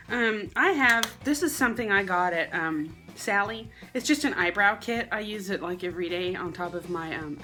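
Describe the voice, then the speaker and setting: Woman, Southern accent, chatty rambling tutorial talk, casual, faint music underneath. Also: bright, forceful tone. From South Carolina. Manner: chatty, rambling, self-deprecating, drops into a low murmur at times. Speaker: wig and beauty vlogger.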